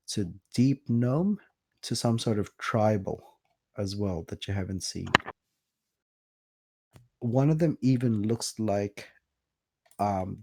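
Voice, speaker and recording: A man runs a tabletop game in a slow, easygoing way, stumbling over words now and then. His voice is low and dark-toned. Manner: relaxed, hesitant narration with fillers. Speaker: game master.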